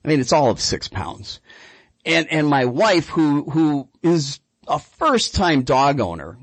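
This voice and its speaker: A man hosting a radio talk show about dogs, telling a rambling, lively story with frequent restarts. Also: a little high, takes it slowly, slightly rough, dry recording. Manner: lively, rambling anecdote with repeated words. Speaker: radio show host and dog trainer.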